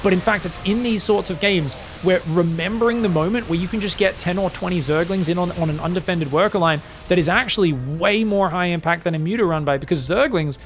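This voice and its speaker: A man casting an esports match solo, excitable and jokey, with casual swearing. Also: sits high, a little fast, few pauses. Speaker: esports commentator. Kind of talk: solo game commentary.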